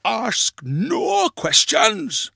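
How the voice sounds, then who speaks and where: A man voicing an eccentric, sly old grandfather who shouts to imaginary horses. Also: on the high side, big pitch swings, takes it slowly, vocal fry, dry recording, clean studio sound, voice pushed up, exaggerated voice. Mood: gruff. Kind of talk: dramatic story reading.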